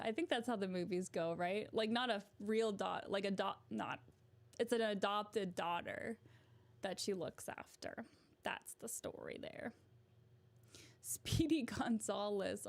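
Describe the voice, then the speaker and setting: A woman vlogger chatting casually to camera, giggly and poking fun at herself. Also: mid-range voice. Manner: giggly and self-mocking.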